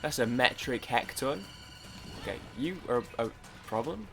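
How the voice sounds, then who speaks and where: A young man commenting casually on his own gameplay, rambling and excitable, with frequent restarts. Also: mid-range voice, unhurried, creaky, over music. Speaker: gaming YouTuber. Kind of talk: casual let's-play commentary.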